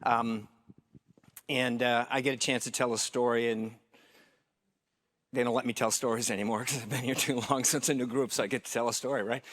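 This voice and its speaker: A man, a care pastor, giving a welcome talk and telling a story into a microphone, halting with fillers and restarts. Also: mid-range voice, a bit bright. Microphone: handheld microphone.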